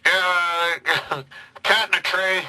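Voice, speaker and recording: Bored police radio cop, slow drawl, bright edgy tone, as a radio host puts him on. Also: male voice, high voice, flat delivery, clear, resonant tone, voice pushed up, full character voice, poor audio. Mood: deadpan.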